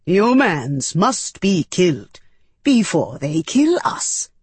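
Woman doing an alien creature voice, growling, cold, distrustful, very slow, low, dry close sound. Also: big pitch swings, husky, dry recording, full character voice. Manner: slow, measured, menacing delivery.

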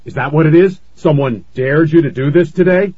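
A man voicing an angry father who scolds and shouts warnings, on a dull, lo-fi recording. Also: fairly high pitch, normal speed, slightly rough, no echo, pitched above the performer's own voice. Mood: angry stern.

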